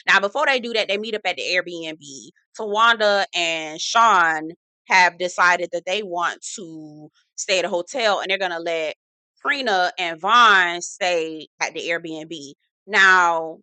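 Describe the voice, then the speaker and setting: A young adult woman hosting a reality TV recap, talking in a sassy, profane, animated way with lots of asides. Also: lowish voice, dry recording. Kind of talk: casual recap commentary.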